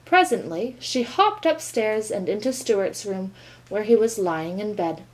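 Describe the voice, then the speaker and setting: A woman reading a children's novel aloud with calm, expressive storytelling. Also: medium pitch, a little slow, poor audio. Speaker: reader.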